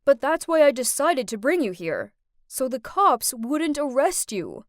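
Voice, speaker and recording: A woman voicing a creepy young male boyfriend who sounds falsely gentle, speaking softly and coaxingly in an animated story. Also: high-pitched, a little slow, no echo, clean studio sound, heavily acted. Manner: soft, coaxing, sugary.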